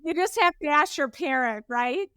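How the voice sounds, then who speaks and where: A woman's voice: high voice, lively intonation, moderate pace, a bit bright, no echo, clean studio sound. A woman guesting as a parenting expert and answering in a reflective, conversational way. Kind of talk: interview answers.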